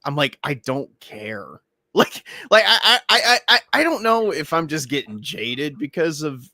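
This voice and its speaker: A man's voice: a little high, animated, moderate pace, bright, forceful tone, no echo, clean studio sound. A man in casual podcast chat, rambling with stammers and frequent laughs.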